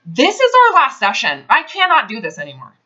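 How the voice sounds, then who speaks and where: A female health advisor speaks bluntly and with emphasis during a counseling session, cursing without holding back. Her high voice swoops wildly in pitch, sounding pushed and bright at a slightly fast pace, captured in dull lo-fi audio.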